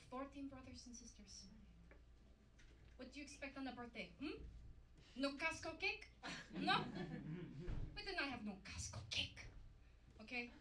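A woman doing a live stand-up impression of a vain, over-the-top female diva singer with a put-on French-Canadian accent, talking loud and sing-song. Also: high-pitched, exaggerated voice. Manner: loud, campy, sing-song, bursting into shouts. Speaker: comedian doing a character impression. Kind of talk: live stand-up character act. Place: comedy club stage. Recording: roomy live venue from far off, audience noise.

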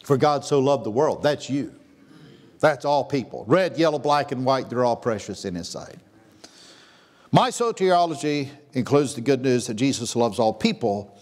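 A pastor preaching a sermon in a church, swinging from hushed, slow lines to loud, high exclamations. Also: male voice, expressive. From Texas. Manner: preaching with big swings, dropping to a hush then rising to a near shout. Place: church sanctuary.

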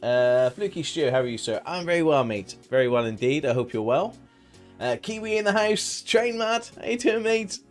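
A man's voice: a little high, lively intonation, normal speed, soft background music. Chatty man streaming a game. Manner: chatty, greets viewers by name. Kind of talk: casual live-stream chat.

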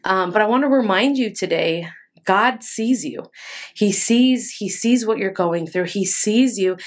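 A woman's voice: mid-range voice, unhurried. Earnest woman giving a casual devotional talk. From Texas. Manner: earnest, conversational, filler-heavy. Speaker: podcast host.

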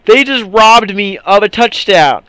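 Excitable young man with a high voice. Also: unhurried, no room sound. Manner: excitable, ranting, frustrated. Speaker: gaming commentator. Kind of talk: gameplay commentary.

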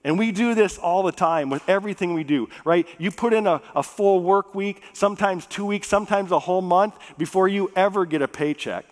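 A man preaching a sermon as pastor. He talks in a relaxed, conversational way, jokes with the congregation, and slows down to read scripture. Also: high voice. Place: church sanctuary. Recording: long reverb of a church hall.

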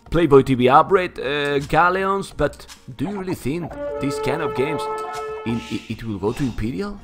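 Man, Spanish accent, excitable esports caster, keeps saying man, high voice, faint game music. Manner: excitable, keeps saying "man", surges into shouts when hyped. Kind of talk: live game commentary.

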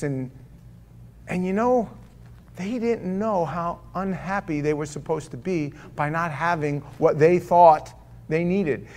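A man preaching a sermon as pastor of a church, telling stories in a conversational way and firing off rhetorical questions. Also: a little high.

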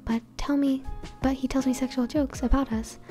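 A woman's voice: sits high, level tone, normal speed, dark tone, soft background music, close to an everyday voice. A woman whispering as a flustered teenage girl with a crush, stammering, in a whispered role-play reading. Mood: upset.

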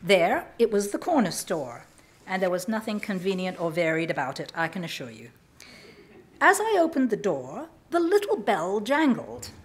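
A woman from England, reading aloud a humorous personal story in a lively, self-mocking way. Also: mid-range voice, moderate pace, slight background noise. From southern England. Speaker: writer reading her work.

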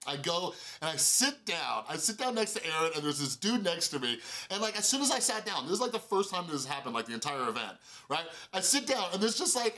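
A man with a bright, slightly high voice tells a rambling storytime vlog. He talks in an animated way, stuffed with fillers, and pitches up to act out the people he quotes. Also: low-quality recording. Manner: acts out quoted dialogue in a higher voice. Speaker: YouTuber.

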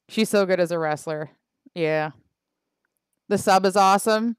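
A woman from Canada chats on a game livestream, unhurried and wry, drifting through fillers as she reads the chat. Her voice is smooth and clean, recorded close and dry with no room around it. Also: fairly low pitch, dry recording. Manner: chatty, wry, trails off with fillers. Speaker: game streamer. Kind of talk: casual livestream chat reading the chat.

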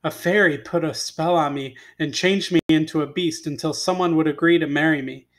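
A man voicing a gentle, humble male beast in a fairy tale read-aloud, in a soft, earnest way. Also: fairly high pitch, brisk, natural voice.

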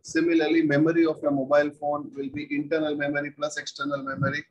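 A man's voice: a little high, flat delivery, fast, highs cut off, slight background noise. A man teaching a physics class, repeating every point and asking the students rhetorical questions. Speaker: physics lecturer. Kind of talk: classroom lecture.

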